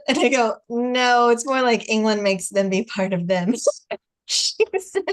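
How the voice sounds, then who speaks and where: A woman's voice: a little high, a little slow. An American woman in her forties hosting a casual video call chat, telling stories with frequent laughter and acted-out dialogue. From United States. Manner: chatty storyteller, laughs often, acts out dialogue. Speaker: host.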